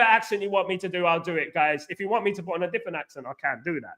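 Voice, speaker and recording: A man's voice: high voice, expressive, racing, few pauses, pushed and bright. A middle-aged man with a London accent, hosting a casual livestream chat, rambling and repeating "you know what I mean". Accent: London English. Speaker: host.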